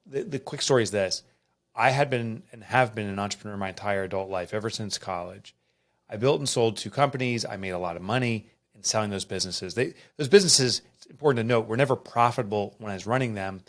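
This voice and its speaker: A middle-aged man, an author and podcast guest, telling a personal story in an earnest, emotional and animated way. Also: on the low side, fast talker. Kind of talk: candid storytelling interview.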